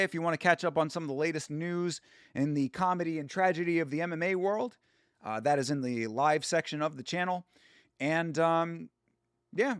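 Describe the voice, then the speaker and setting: A man's voice: fairly high pitch, fairly bright tone, clear, resonant tone, no room sound, clean studio sound. A young man hosting a casual MMA live stream, rambling and swearing freely, with many fillers. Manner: rambling, profane, filler-heavy.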